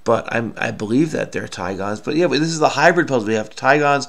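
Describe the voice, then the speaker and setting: A middle-aged man thinking aloud as he works through a crossword, muttering to himself between clues. His voice sits at an ordinary middle pitch, and he keeps trailing off into fillers. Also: expressive, brisk, gravelly, a bit bright. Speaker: crossword solving video host. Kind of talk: casual think-aloud puzzle solving.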